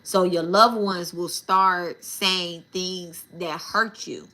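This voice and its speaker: A woman's voice: on the low side, fairly even intonation, slow pace, bright, forceful tone. A woman telling a story casually and animatedly, with a lot of profanity and asides to her viewers as y'all. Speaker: spiritual channel host.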